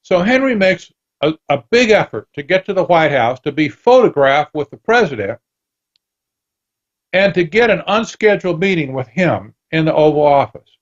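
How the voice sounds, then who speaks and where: On a lo-fi recording, a man with a fairly high voice speaks at normal speed as a radio interview guest and author, animatedly telling stories and acting out dialogue.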